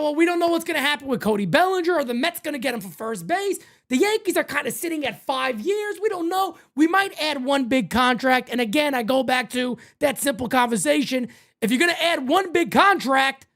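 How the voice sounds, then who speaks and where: A man hosting a fan live stream, ranting about sports in a loud, excitable way. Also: very high-pitched.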